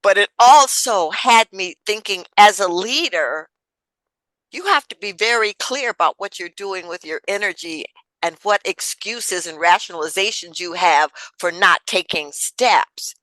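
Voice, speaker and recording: A woman's voice: medium pitch, lively intonation, a little slow, fairly bright tone, no echo, rough recording. A woman hosting an interview, animatedly retelling an anecdote to her guest. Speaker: podcast host. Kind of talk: interview chat.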